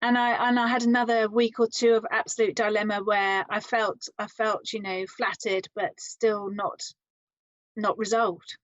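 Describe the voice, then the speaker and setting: A woman guest telling her story in an interview, lively and quoting others in acted voices. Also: mid-range voice, moderate pace, dry recording. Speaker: interview guest, adventure psychologist. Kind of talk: conversational storytelling. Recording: slightly muffled, dry sound.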